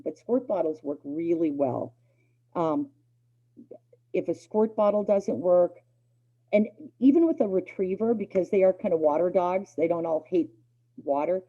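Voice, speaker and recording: A middle-aged woman teaches a dog obedience class in a casual, chatty lecture and acts out the dogs' thoughts in playful voices. Her voice is on the low side and animated at a normal speed, captured in a dull lo-fi recording.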